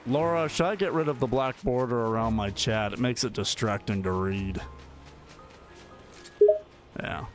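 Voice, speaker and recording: A man's voice: mid-range voice, measured pace, pauses often, soft background music. A man streaming a game, chatting casually and joking with his viewers and an AI assistant. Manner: chatty, joking, talks to chat and an AI while playing. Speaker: gaming streamer. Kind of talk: casual livestream chat.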